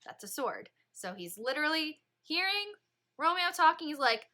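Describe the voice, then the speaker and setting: A woman teacher leading a read-along literature lesson, explaining in a lively, chatty way. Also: sits high, normal speed. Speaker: English teacher.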